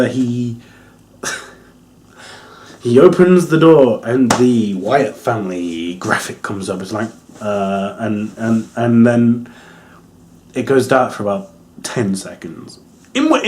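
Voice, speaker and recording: A man's voice: mid-range voice, expressive, slow pace, darkish tone. A young English man with an English accent giving a rambling, casual wrestling review, laughing often and swearing freely. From England.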